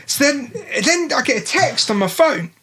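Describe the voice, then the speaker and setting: A man's voice: very high-pitched, lively intonation, moderate pace, pushed and bright. A man co-hosting a podcast, telling a story in casual chat and acting out the dialogue with lots of animation. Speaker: podcast co-host.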